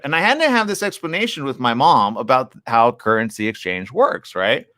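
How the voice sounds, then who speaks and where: A man's voice: fairly high pitch, very animated, a little fast, hardly any pauses, fairly bright tone, no echo, studio quality. A man hosting a live morning show, ranting bluntly and sarcastically while running on little sleep. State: sleep-deprived. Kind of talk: casual live-stream commentary.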